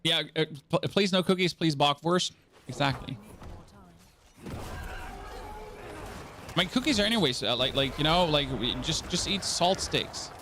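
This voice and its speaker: A man from Germany talks loosely to his stream audience in a slightly high voice. He rambles, restarts his words, and drops the odd curse. A faint noise runs under the recording. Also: big pitch swings, a little slow, long pauses, pushed and bright. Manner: rambling, repeats words, swears casually. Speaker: game streamer. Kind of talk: casual live-stream chat.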